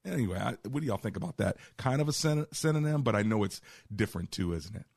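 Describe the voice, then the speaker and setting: Low gravelly-voiced pastor hosting radio. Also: male voice, lively intonation, darkish tone, no echo. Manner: preacher's cadence, slows for scripture. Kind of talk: radio Bible teaching and call-in. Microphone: studio microphone.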